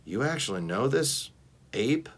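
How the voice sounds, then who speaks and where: Guy doing a dry doubting sister dog, lively read-aloud voice. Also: mid-range voice, unhurried. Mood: skeptical. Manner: skeptical, dry. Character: sharp-tongued female dog, twin sister.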